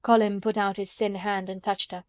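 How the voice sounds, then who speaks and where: Female audiobook narrator, measured delivery, dry studio sound. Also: medium pitch, level tone, dry recording. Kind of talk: scripted narration.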